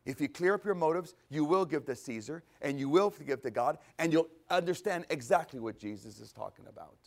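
A man preaching a conversational sermon, animated, asking rhetorical questions and answering them himself. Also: on the high side, fairly quick, vocal fry. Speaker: pastor.

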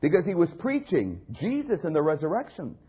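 A preacher man delivering an animated sermon, his pitch swinging widely and his tone slightly husky. He breaks into mocking voices and climbs to loud, raised peaks. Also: fairly quick. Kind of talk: sermon with scripture reading.

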